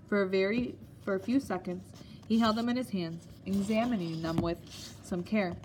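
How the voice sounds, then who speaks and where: A woman narrating an audiobook in a steady, measured storytelling manner. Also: mid-range voice, slight background noise.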